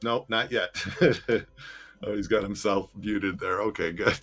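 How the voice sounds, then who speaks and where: Laughing, unhurried podcast host. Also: male voice, on the low side, bright, forceful tone, slightly rough, faint music behind. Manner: laughs often, teasing, reads viewer comments. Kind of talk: casual podcast chat.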